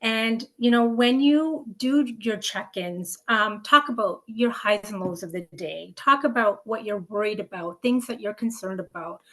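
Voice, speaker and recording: A woman's voice: medium pitch, a little slow, few pauses, a bit bright. A woman doula giving earnest advice to expecting parents, speaking with frequent ums and restarts. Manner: earnest, filler-heavy, many ums and restarts. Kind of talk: educational talk to camera.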